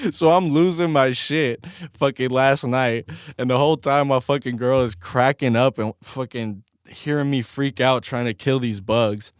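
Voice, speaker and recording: A man's voice: mid-range voice, smooth, no room sound, studio quality. Foul-mouthed man telling a podcast story. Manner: animated, swears constantly, laughs while telling a story. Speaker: podcast host. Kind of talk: casual solo podcast storytelling. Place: home studio.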